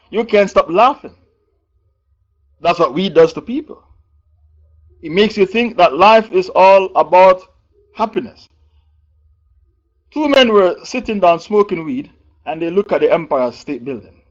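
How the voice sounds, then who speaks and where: A man with a fairly high voice teaches an evening religious lesson. He speaks slowly and deliberately, repeating verse numbers and key phrases and putting questions to his listeners. The recording is dull and lo-fi. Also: lively intonation. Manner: slow and deliberate, asks the audience questions. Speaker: Islamic preacher teaching Quran commentary.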